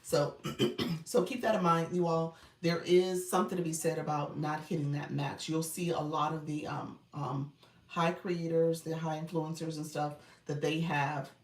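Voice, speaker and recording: Her voice is deep and steady, at normal speed, picked up by a distant mic in an echoey room. She coaches viewers on a livestream in a chatty manner, frequently offering thanks and laughing readily.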